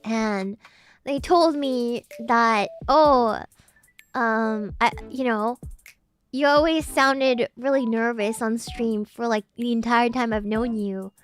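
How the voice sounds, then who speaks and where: High-pitched woman streamer with prim, posh diction, chatty and giggly, soft music bed behind her. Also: slow pace. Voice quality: formerly very nasal, now loosened. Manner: self-described posh, slightly uppity-sounding English; giggly, reads chat messages aloud and thanks viewers. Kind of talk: casual chat with live chat.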